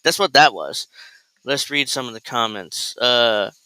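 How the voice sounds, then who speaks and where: A man's voice: mid-range voice, animated, unhurried, sharp tone, clean tone, no room sound, poor audio. A male host giving crude, sarcastic, rambling political reaction commentary.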